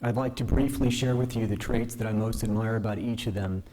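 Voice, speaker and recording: A man giving a measured, earnest formal speech at a ceremony, modest and self-deprecating. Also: fairly low pitch, steady tone, noisy background. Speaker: newly invested justice giving a speech. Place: ceremony hall.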